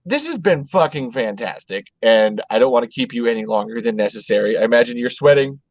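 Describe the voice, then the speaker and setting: A man's voice: medium pitch, animated, a little fast, no room sound, lo-fi sound. A man hosting a casual podcast chat, rambling with lots of "like" and frequent swearing. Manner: rambling, swears a lot, heavy use of "like". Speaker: podcast host.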